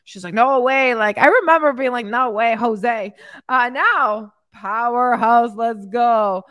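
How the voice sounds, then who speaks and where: Speaking slowly at a fairly high pitch, this woman has a fairly bright tone, recorded clean in the studio with no room sound. A fitness coach and podcast host, she's at home in Mexico on a live stream, reading out comments about her clients' wins. She hypes them up with upbeat cheerleading and lets her emotions show openly.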